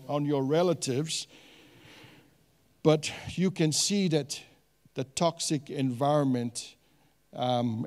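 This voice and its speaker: With a voice on the high side, a male pastor delivers an animated sermon, questioning the congregation. He uses many fillers and restarts his sentences, and there's a long reverb tail.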